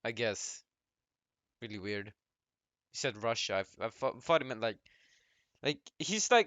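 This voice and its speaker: A man's voice: mid-range voice, lively intonation, normal speed, pauses often, a bit bright, no room sound, muffled recording. A man giving casual reaction commentary, cutting in with blunt, dismissive rebuttals. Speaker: YouTube commentator reacting to a clip.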